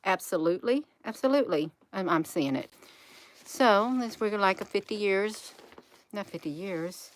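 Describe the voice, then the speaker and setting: A woman's voice: medium pitch, animated, normal speed. A woman, rambling emphatically to her viewers in a casual livestream. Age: 50s. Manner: rambling, emphatic, addresses viewers as "you all". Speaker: channel host.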